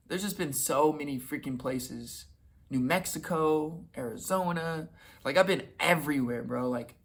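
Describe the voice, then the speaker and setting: A man's voice: on the high side, a bit bright. A young man in his twenties telling a personal story in a loose, casual way, full of slang and swearing. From United States. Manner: casual and profane, with slang and restarts. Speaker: vlogger.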